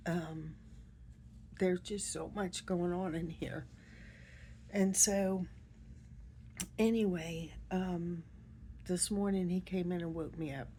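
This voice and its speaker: A middle-aged woman speaks in a soft, emotional personal monologue, pausing often and drifting now and then into a near whisper. Her voice sits fairly low and mellow, and her pace is very slow. Faint background noise sits behind her. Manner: soft-spoken, emotional, halting with many pauses. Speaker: vlogger.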